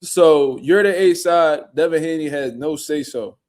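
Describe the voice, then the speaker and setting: A man's voice: on the high side, measured pace, a little mellow. A man hosting a casual boxing reaction show, ranting bluntly in slangy, profane talk. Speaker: boxing commentary show host.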